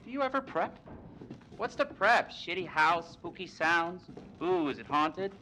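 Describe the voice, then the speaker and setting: A brash, foul-mouthed TV host in a horror game. His voice sits high and cuts bright, leaping up and down as he sneers. A faint hiss of game ambience sits behind him. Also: lively intonation, a little slow, exaggerated voice. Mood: sneering. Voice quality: sarcastic, profane. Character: brash crude male TV host, middle-aged. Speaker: TV show host. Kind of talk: video game voice acting.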